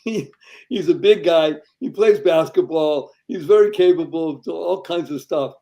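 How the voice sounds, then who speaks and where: A man's voice: a little high, unhurried, dull audio. A man hosting a podcast panel, thanking his guests in an appreciative way. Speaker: show host.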